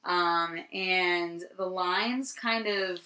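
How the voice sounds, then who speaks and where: A woman from New Jersey co-hosting a podcast, telling a story in casual chat, rambling and profane with many ums and quick laughs. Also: fairly low pitch, pushed and bright. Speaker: podcast co-host. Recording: roomy echo.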